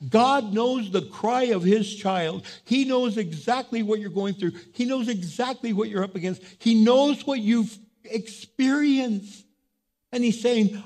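High-voiced preacher, emphatic sermon. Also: male voice, unhurried. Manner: emphatic, swings from loud to hushed; acts out voices of people and God. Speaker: pastor. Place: church.

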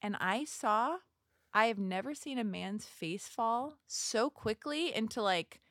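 A woman guest on a podcast, telling stories in casual chat, chatty and swearing, laughing loudly as she talks. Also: fairly high pitch, lively intonation, slow, dry recording, clean studio sound. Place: podcast studio.

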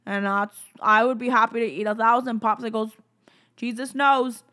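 A woman's voice: a little high, steady tone, moderate pace, sharp tone. Rambling young woman sharing faith. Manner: rambling, giggly, lots of fillers. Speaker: faith podcaster. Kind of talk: casual devotional chat.

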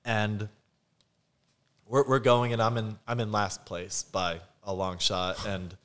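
A man's voice: lowish voice, slow pace. A man, a podcast guest, telling a personal story in casual chat, acting out what people said and laughing often. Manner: animated, acts out quotes, laughs often.

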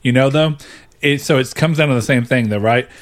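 A man chatting casually on a podcast at a middle pitch. He rambles, restarts his sentences and laughs often. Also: a little fast. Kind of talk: casual chat.

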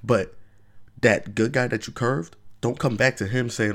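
A man's voice: mid-range voice, measured pace, a bit bright. A man hosting his own vlog, giving casual opinion commentary in an emphatic, rambling way with frequent rhetorical check-ins. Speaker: vlog host.

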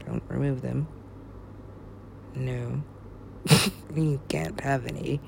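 A woman's voice: rumbling low, fairly even intonation, takes it slowly, creaky, darkish tone, slight background noise. A young woman rambling to herself in a loose, profane way, now and then dropping into a whisper. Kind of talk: rambling solo talk.

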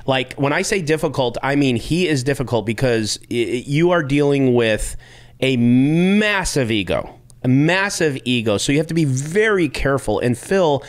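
Rambling male podcast host. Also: mid-range voice. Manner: rambling, self-interrupting, acts out quotes. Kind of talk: casual chat.

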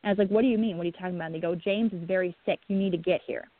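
A woman, a guest on the show, telling a painful personal account in a halting way, with many restarts and a breaking voice. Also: on the low side, no echo. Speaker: guest, bereaved mother. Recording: tinny phone line.

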